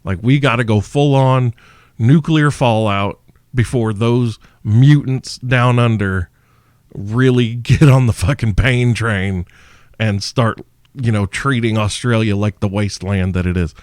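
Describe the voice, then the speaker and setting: A man's voice: medium pitch, measured pace, darkish tone, no echo, studio quality. A man hosting a podcast, answering listener questions in a crude, brash, joking monologue. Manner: profane, brash, mock-seductive. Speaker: podcast host.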